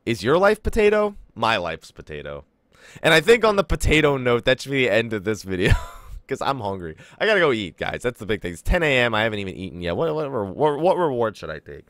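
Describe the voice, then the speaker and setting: A man's voice: mid-range voice, very animated, quick pace, a bit bright, no room sound. A man giving casual let's play commentary, chatty and rambling, laughing often. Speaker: gaming YouTuber.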